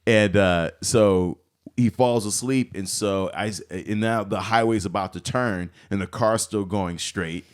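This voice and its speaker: A man telling a story in casual chat, animated, acting out quotes with sudden yelps. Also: lowish voice, measured pace. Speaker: podcast guest.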